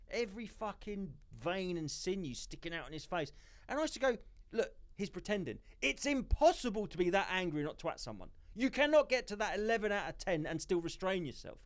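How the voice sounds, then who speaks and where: A man on a comedy podcast, his voice pitched a little high and swinging widely as he rants. He swears freely and spins conspiracy theories in loose, casual chat from a podcast studio. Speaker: podcast co-host.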